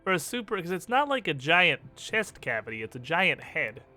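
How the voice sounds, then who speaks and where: Faint music plays behind this young streamer, whose fairly high voice moves at normal speed in a recording with no room sound. His casual gameplay commentary is joking, profane, and animated as he explains his choices.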